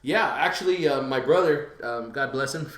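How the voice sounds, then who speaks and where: A man with an average-pitched voice hosting a podcast, wandering through his plans with plenty of "um" and "uh". The sound bounces around an echoey room. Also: moderate pace. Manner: relaxed, rambling, lots of fillers. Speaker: podcast host. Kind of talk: casual podcast chat.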